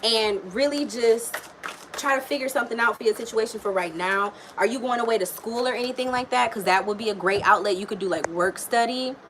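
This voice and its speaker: A woman's voice: fairly high pitch, a little fast, noisy background. Frank, salty-tongued woman tarot reader. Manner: frank, profane and chatty, talking straight to a viewer. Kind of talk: casual live tarot reading.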